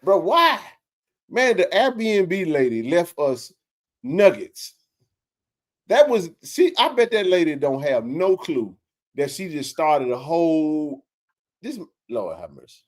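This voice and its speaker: Animated high-voiced man talking sports. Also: slow pace. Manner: animated, joking, slangy, laughs often. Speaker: sports talk show host. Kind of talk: casual sports banter.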